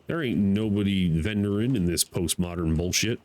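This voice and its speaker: An American man streaming a game live, talking to himself, excitable and swearing freely. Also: deep voice, normal speed, poor audio. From United States. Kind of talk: live gameplay commentary.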